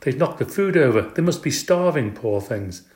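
Casting: fussing kindly teacher lady, read by a man, higher voice, echoey room. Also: expressive, moderate pace, darkish tone, natural voice. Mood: worried. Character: Mrs Brisbane, kindly woman teacher, fussing.

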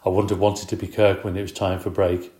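A man's voice: low voice, brisk, echoey room, a little hiss or hum. Man reading a children's story aloud. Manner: lively, expressive. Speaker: narrator.

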